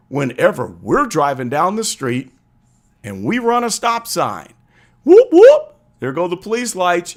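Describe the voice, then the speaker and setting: A man from Chicago hosting a live stream, explaining political drama earnestly and acting out little scenes as he tells them. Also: sits high. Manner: earnest, storytelling with acted-out quotes. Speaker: political commentary host.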